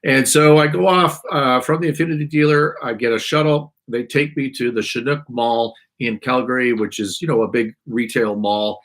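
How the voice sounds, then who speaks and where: A podcast host on a live stream rambles through a complaint story, exasperated and restarting often, while an irritated throat makes him clear it again and again. His mid-range voice is fairly bright, with fairly even intonation, normal speed, and hardly any pauses.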